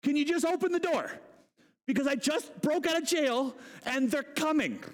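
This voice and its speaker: A man's voice: very high-pitched, expressive, moderate pace, voice pushed up. A man voicing a frantic escaped apostle who begs to be let in, exasperated and pleading. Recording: long hall reverb.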